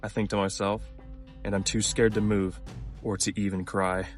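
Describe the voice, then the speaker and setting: Low-voiced man narrating scary stories. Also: flat delivery, low-quality recording. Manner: measured, low-key storytelling. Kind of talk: scripted horror story narration. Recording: music clearly behind the voice.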